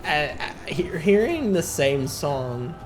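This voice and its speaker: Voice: medium pitch, very animated, slow. A streamer rambling casually over gameplay, humming and muttering to themself, reading game lines aloud. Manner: rambling, hums and mumbles to self. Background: game music.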